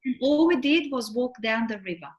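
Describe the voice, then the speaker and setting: A woman's voice: fairly high pitch, a little fast, highs cut off. A middle-aged woman, a relationship coach, chatting casually and acting out the people in her stories. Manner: animated storyteller, acts out quotes. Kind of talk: casual chat.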